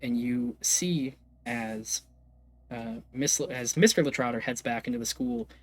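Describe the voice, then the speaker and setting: Rambling game master, full of fillers. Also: male voice, mid-range voice, sing-song, a little slow, slight background noise. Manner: hesitant, lots of fillers, casual swearing. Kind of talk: narrating a tabletop game.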